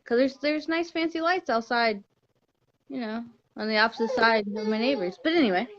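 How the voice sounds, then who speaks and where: A woman's voice: on the high side, moderate pace, highs cut off. A woman, a mother hosting a casual livestream from her home at night, chatting while she gets distracted and talks to her toddler. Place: home living room at night.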